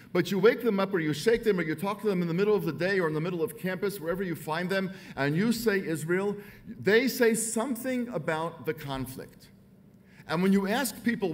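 An American man in middle age delivers a speech to a dinner audience, pressing his argument with emphatic, repeated phrases. His voice sits somewhat high for a man. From United States. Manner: emphatic, rhetorical repetition. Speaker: author giving a dinner speech.

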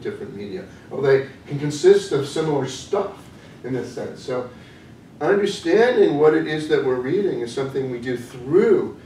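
A man giving an academic lecture, thoughtful and hesitant, often pausing with "um" as he works through his ideas. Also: mid-range voice, mellow. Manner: thoughtful, hesitant with frequent ums. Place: lecture room. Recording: echoey room from a distance with faint noise.

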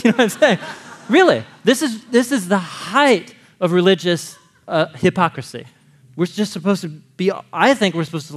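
A man teaching a sermon on scripture in a jokey, conversational way, talking straight to his listeners and chuckling often. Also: high voice. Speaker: Bible teacher.

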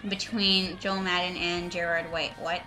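A woman's voice: lowish voice, level tone, sharp tone, faint music behind. A young woman giving a mocking, dramatic reading of fan fiction, with sarcastic asides. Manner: reads slowly, breaks into laughter and sarcastic asides. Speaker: reader and commentator.

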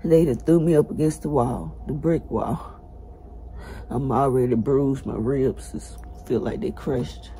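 A breathless woman speaks straight to her viewers, urgent and pleading, her voice often breaking into tears. Her tone is very dark and mellow. A faint hiss sits under the recording. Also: low voice, rough recording. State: breathless, cried out. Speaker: person recounting a jail ordeal. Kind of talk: emotional first-person testimony to viewers.

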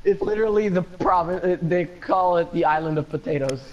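A man's voice: high voice, brisk, darkish tone, a little hiss or hum. Guy laughing and stumbling over words in game chat, muffled mic. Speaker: gamer in party chat. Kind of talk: casual gaming chat.

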